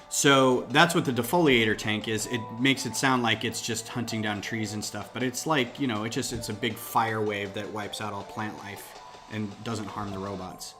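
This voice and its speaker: Low-voiced man hosting a relaxed livestream. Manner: rambling, thinking aloud while building. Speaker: host of a LEGO design livestream. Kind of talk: casual livestream chat. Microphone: desk mic, a bit farther off than usual. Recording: background music under the voice.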